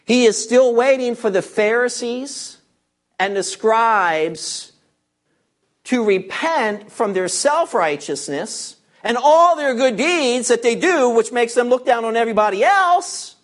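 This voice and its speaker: A preacher giving an expository sermon, walking listeners through scripture verse by verse. The delivery is emphatic and repeats key words, slowing down to stress them. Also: mid-range voice, lively intonation.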